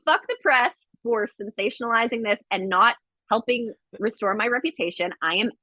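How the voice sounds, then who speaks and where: A woman guest on a podcast, telling a story in casual chat with lively quoted voices and blunt swearing. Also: on the high side, moderate pace, no echo, muffled recording. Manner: animated storytelling, acts out quotes; swears freely.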